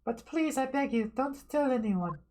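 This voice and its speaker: A man voicing a shy young woman ballerina in disguise, pleading softly in a video game. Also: extremely high pitch, animated, normal speed, a little hiss or hum, voice pushed up. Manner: pleading, soft.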